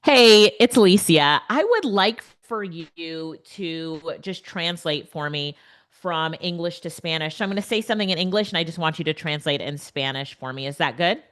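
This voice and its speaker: Brief: middle-aged woman instructor, low-ish voice, upbeat and chatty, live webinar on a computer mic. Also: animated, moderate pace, a bit bright. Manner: upbeat, laughs often, chatty asides to the viewers. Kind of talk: live online teaching demo. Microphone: computer mic on a video call.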